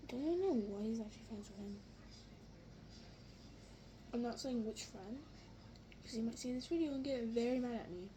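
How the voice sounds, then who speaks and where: Young girl vlogger, high bright pitch, chatty, overreacts, noisy home recording. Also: animated, moderate pace, long pauses. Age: child. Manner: chatty, easily amused, exaggerated reactions. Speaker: slime vlogger. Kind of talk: casual vlog chat.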